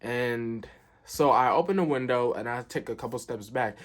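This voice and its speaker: A man's voice: mid-range voice, moderate pace. A young man telling a work story in a casual storytime, rambling and filling gaps with "like" and "um". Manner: rambling, filler-heavy, keeps saying "like".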